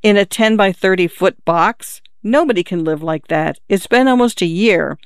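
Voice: medium pitch, normal speed, smooth, no echo, studio quality, natural voice. Reader voicing a fed-up young father. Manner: plain-spoken, exasperated. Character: frustrated young father, a displaced man. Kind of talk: audiobook character voice.

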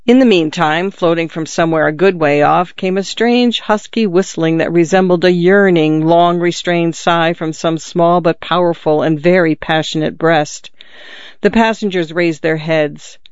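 A man narrating a story in a measured, expressive reading, close to the mic. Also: fairly high pitch, smooth, dry recording. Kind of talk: scripted narration. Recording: slightly dull, dry lo-fi recording.

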